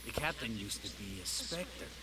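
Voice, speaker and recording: A man's voice: medium pitch, big pitch swings, normal speed, close to an everyday voice. A man playing a sneering, gossiping ex-cop. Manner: sneering, mocking, conspiratorial. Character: sly, gossiping, bitter male former cop. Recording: loud noise on game audio.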